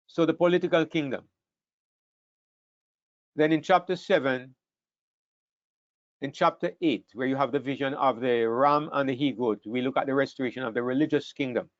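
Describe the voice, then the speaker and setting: A man teaching an online Bible class, talking in an animated way and sometimes repeating words as he thinks. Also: mid-range voice, dry recording. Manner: animated, acts out scripture quotes, repeats words while thinking. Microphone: online call microphone. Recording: dull, dry online call audio.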